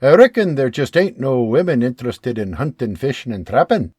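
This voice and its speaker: Guy reading as an easygoing backwoods trapper, folksy, husky, swings up and down. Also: medium pitch, big pitch swings, a little fast, a little mellow, dry recording, clean studio sound. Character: middle-aged frontiersman, wandering hunter and trapper, jovial.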